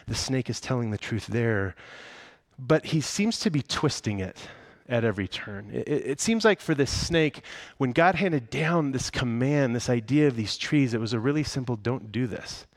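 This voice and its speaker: A man preaching a sermon in a conversational way, asking many rhetorical questions. His voice sits at a middling pitch. The recording is dry and close. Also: expressive, moderate pace, dry recording. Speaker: pastor.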